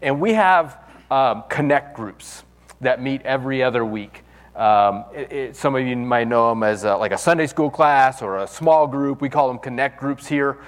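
A man's voice: medium pitch, normal speed, big-room sound. A man preaching as a pastor, telling a personal story casually with many restarts and fillers. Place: church sanctuary.

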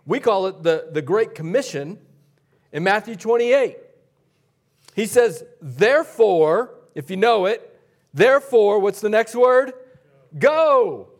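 A pastor preaches a sermon in a high-pitched voice, speaking slowly and pausing often. His delivery is conversational and energetic, swinging between loud bursts and quiet asides.

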